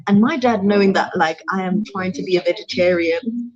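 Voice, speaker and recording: A woman's voice: mid-range voice, normal speed. A woman in her thirties, born in Jamaica and raised in the UK, chatting casually to viewers on a live Q&A stream, laughing often and eating as she talks. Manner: chatty, laughs often, eats while talking. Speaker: vlogger hosting a live Q&A. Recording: dull lo-fi stream audio with crowd noise.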